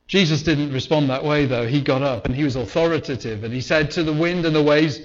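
A man's voice: fairly high pitch, a little fast, few pauses, lo-fi sound. A man preaching a sermon in a conversational way, sometimes acting out the voices of the people in the story. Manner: conversational, acts out voices in retelling.

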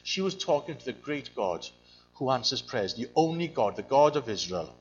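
A man's voice: medium pitch, big pitch swings, moderate pace, dull audio. A man preaching a sermon, earnest and searching, often repeating his phrases. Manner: earnest, repeats phrases, mimics voices in quotes.

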